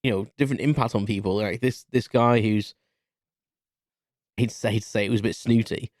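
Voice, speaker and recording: A man's voice: on the low side, steady tone, normal speed, a little mellow, no room sound, studio quality. A British man around forty hosts a solo podcast, telling a candid story in a rambling, chatty way. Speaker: podcast host.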